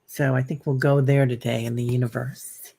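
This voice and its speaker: A woman hosting a live meditation stream. She chats with viewers, reads out their comments with plenty of fillers, and guides the breathing with soft, slow cues. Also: extremely low pitch, flat delivery, vocal fry, husky. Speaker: meditation host.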